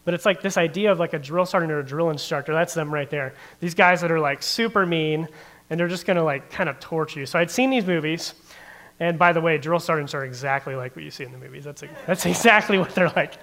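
A man speaks to a group in a rapid, relaxed storytelling flow. His voice sits a little high for a man, and he scatters fillers and quick questions to the listeners. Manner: casual, full of "like" fillers, asks the audience questions. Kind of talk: personal storytelling talk.

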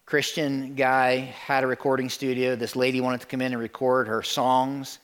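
A man's voice: medium pitch, normal speed, clear, resonant tone. A male pastor preaching a sermon to his congregation, telling stories, repeating words and talking straight to the listeners. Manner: animated storytelling, acts out voices in quotes.

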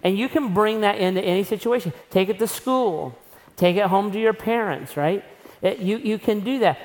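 A woman preaches a sermon at a mid pitch, talking conversationally to her listeners. Her voice rings with the long reverb of a large church hall. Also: moderate pace, a little mellow. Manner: conversational, acts out scenes.

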